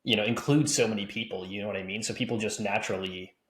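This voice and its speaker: A man's voice: on the low side, steady tone, fast talker, a bit bright, roomy sound. A man hosting a podcast in an easygoing way, laughing along and asking open questions. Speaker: podcast host. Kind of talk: casual interview chat.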